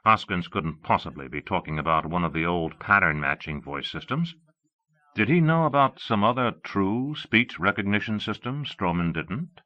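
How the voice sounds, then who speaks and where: A man with a very deep voice narrates an audiobook in a measured, expressive way. His pitch moves in lively swings. The sound is dull and lo-fi, like an old cassette transfer. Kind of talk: scripted narration.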